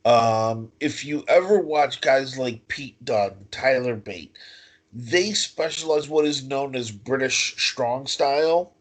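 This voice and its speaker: A man, a professional wrestler, talking slowly and telling stories with many fillers over a video call. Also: medium pitch. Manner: slow, storytelling, with fillers. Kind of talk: casual interview.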